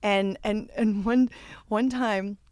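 A woman's voice: medium pitch, slow, clear, resonant tone, no echo. Woman telling a funny story to a friend, lots of like and um, dry close sound. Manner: animated storyteller who acts out quotes. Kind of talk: casual chat, storytelling.

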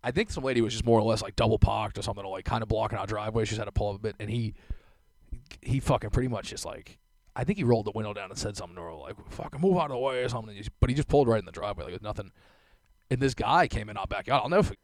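A man's voice: on the low side, rapid-fire, no room sound. A young man telling rambling stories in a casual monologue, swearing often and laughing to himself. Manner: profane, rambling, laughing asides. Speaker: solo vlogger.

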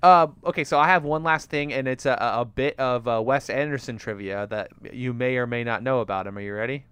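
Man, casual film-chat co-host, smooth tone, dry close mic, playful and chatty. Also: medium pitch, brisk, fairly bright tone, dry recording. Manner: chatty, laughs often, teasing. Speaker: podcast co-host.

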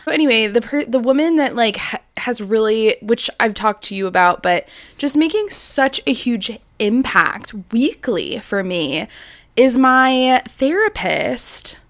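A woman's voice: a little high, expressive, measured pace, fairly bright tone. A woman co-hosting a podcast, talking casually and candidly with plenty of fillers. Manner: rambling, many fillers, candid. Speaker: podcast co-host.

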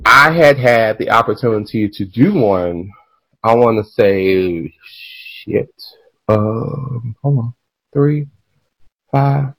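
A man hosting a podcast in casual chat, animated and profane, drifting into tangents and laughing as he talks. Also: mid-range voice, slow, creaky, long pauses, rough recording. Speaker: podcast host.

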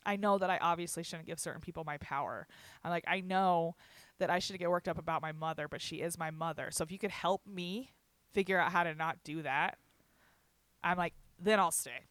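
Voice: mid-range voice, fairly quick, a bit bright, clear, resonant tone, dry recording. A young adult telling a personal story in casual chat, candid and profane, laughing often and quoting others. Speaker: guest recounting a hospital stay.

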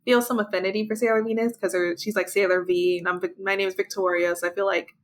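A woman's voice: mid-range voice, little pitch movement, quick pace. Young woman hosting, friendly chatty, bit of hiss behind her. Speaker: podcast host. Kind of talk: casual chat.

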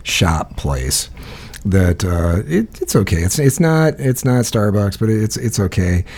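Podcast co-host, male, gravelly and husky voice, rambling storyteller who laughs often. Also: fairly low pitch, sing-song, unhurried, darkish tone. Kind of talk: casual chat.

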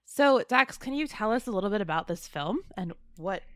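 Lively-voiced woman podcast host. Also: medium pitch, normal speed, no echo, clean studio sound. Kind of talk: casual chat.

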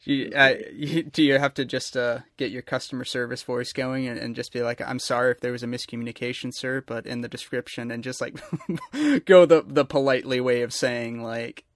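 A man's voice: medium pitch, moderate pace, few pauses, dry recording, studio quality. A man interviewing a guest in a casual chat, rambling enthusiastically.

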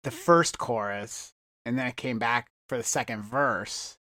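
A man's voice: unhurried, pushed and bright, no room sound. Mumbling man in dry comedy banter. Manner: rambling, mumbly, trailing off into low murmurs. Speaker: comedy podcast co-host.

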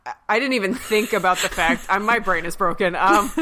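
A woman co-hosting a podcast, talking casually in halting bursts with restarts. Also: medium pitch, pushed and bright, slight background noise. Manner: halting, restarts, many fillers. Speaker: podcast co-host. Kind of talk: casual chat.

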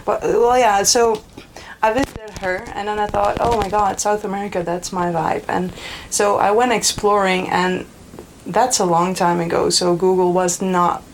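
A woman's voice: mid-range voice, flat delivery, normal speed, low-quality recording. Woman, from Europe, guest, casual storytelling, laughing often, rambling, faint background noise.

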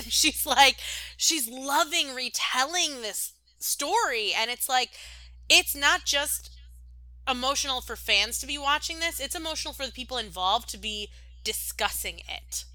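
A young woman co-hosting a podcast, rambling warmly and with plenty of fillers in casual chat. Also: sits high, animated, normal speed, dry recording, low-quality recording. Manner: gushing, rambling, many "like"s. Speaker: podcast co-host.

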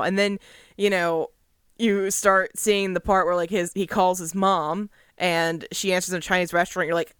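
Young female co-host, smooth low voice, dry close sound, deadpan movie talk. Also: normal speed, no echo. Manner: wry, dry, deadpan commentary. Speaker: podcast co-host. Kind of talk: casual chat reviewing a movie.

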